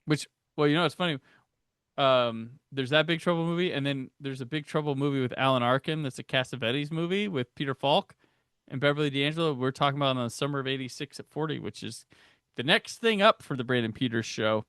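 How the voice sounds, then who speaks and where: A man's voice: mid-range voice, brisk, fairly bright tone, smooth, no echo, studio quality. A man hosting a podcast in a casual chat, rambling loosely and laughing often. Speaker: podcast host.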